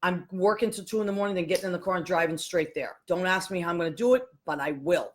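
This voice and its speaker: A woman's voice: on the low side, quick pace. A woman hosting a live show solo, chatting casually and greeting listeners one by one by name. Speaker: host.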